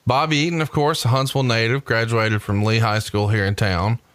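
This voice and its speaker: A man hosting a podcast, telling stories in a chatty, animated way. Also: medium pitch, a little fast, dry recording. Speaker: podcast host. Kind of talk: casual chat.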